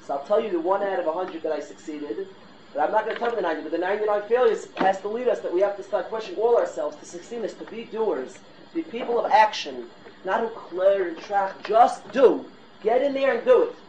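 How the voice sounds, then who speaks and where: A man's voice: sits high, fast talker. A middle-aged man, a rabbi, giving a fiery, exhorting sermon to his class, sprinkling in Hebrew and Yiddish terms. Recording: roomy, dull lo-fi recording with noise.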